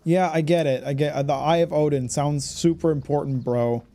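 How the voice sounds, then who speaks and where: A man's voice: on the high side, fairly even intonation, moderate pace, dark tone. A man hosting a gaming channel, giving exasperated, sarcastic let's-play commentary with a lot of swearing.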